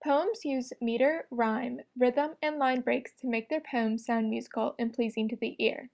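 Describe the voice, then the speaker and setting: A woman's voice: on the high side, fairly even intonation, a little slow, creaky, a little mellow. Woman narrating a prepared lesson. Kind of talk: scripted educational narration.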